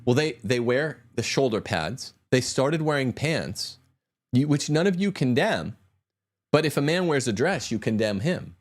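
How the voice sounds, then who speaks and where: A man's voice: mid-range voice, expressive, measured pace. A man hosting a podcast, talking in an emphatic, combative way with sweeping asides. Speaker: podcast host. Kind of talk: opinionated podcast talk.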